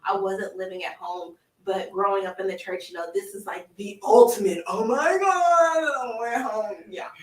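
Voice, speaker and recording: A woman's voice: medium pitch, normal speed, hardly any pauses, slight background noise. A woman in her thirties telling her life story as a podcast guest, laughing often and acting out the voices of the people in it. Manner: animated, laughing often, acts out quoted voices. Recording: echoey room, distant mic.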